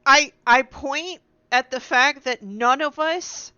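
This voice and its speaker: Female player, high lively voice, exasperated and swearing, dull dry mic. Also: takes it slowly. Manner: exasperated, swears, laughs often. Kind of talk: casual tabletop play.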